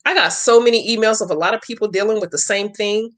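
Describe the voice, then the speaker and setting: A woman's voice: medium pitch, fast, fairly bright tone. A woman hosting a question-and-answer vlog, chatting in a blunt, profane way and telling stories full of examples. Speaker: channel host answering viewer questions. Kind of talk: casual vlog talk.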